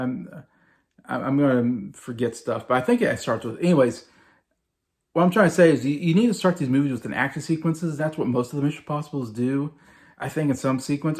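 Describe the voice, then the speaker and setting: A man in his forties giving a casual, rambling movie review, full of fillers and repetition. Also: medium pitch. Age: 40s. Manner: rambling, filler-heavy, repeats himself.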